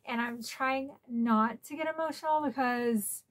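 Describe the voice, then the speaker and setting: A woman's voice: fairly high pitch, unhurried. A woman hosting a casual unboxing vlog at home, chatty and openly emotional, close to tears at times. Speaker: collector channel host.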